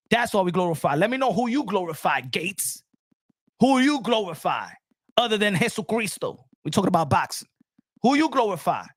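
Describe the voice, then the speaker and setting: A man giving animated casual commentary as a boxing commentator, excitable, repeating himself and dropping in Spanish phrases. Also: sits high.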